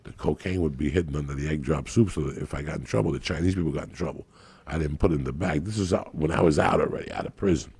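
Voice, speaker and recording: A man's voice: extremely low pitch, quick pace, gravelly, slightly rough, no echo. A man telling a raunchy story on a podcast in a brash, profane way. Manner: brash, profane, builds to laughing shouts.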